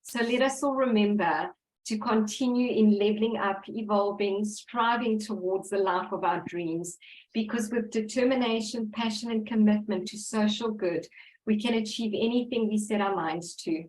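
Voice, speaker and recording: A woman's voice: mid-range voice, moderate pace, darkish tone, echoey room, rough recording. A woman born in Italy and raised in South Africa, giving an earnest, emotional speech at a book launch and apologizing with laughs. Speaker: book co-author speaker.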